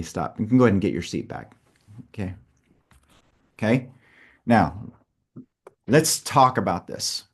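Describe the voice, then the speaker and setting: A man leading a workshop, guiding a participant through a group exercise with step-by-step instructions and frequent checks of "okay". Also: mid-range voice. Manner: instructive, peppers talk with "okay". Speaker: workshop facilitator.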